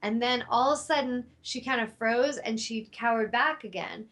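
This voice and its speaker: A woman's voice: on the high side, normal speed, a bit bright. A woman hosting her own show, telling a personal story in a heartfelt, spiritual way, rambling a little with fillers. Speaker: talk show host.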